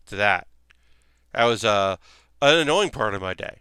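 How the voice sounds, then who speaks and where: A man chats casually on his livestream, rambling from one thought to the next and acting out other people's lines. His voice is bright and forceful, very clean and smooth. The sound is dry and close. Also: on the low side, expressive, moderate pace, no room sound. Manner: rambling, acts out quoted people in raised voices. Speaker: streamer host.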